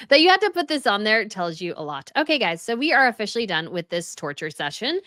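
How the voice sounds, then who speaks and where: एक महिला होस्ट, जो व्यंग्य भरे और तीखे लहजे में एक वीडियो पर टिप्पणी करती है।. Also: female voice, medium pitch, sing-song, a little fast, pushed and bright, dry recording, studio quality. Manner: sarcastic, scornful running critique. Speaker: commentary channel host. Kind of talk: reaction commentary.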